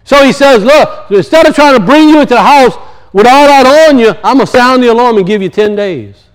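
A man preaching a sermon and telling stories, swinging from loud high peaks to low muttered asides. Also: animated, a little fast, clear, resonant tone, low-quality recording. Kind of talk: sermon with storytelling.

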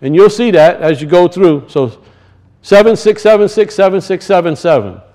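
A man's voice: high voice, expressive, moderate pace, warm tone. A man teaching from scripture to a congregation, asking questions, answering them himself and repeating key points. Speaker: bible teacher. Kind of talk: teaching sermon.

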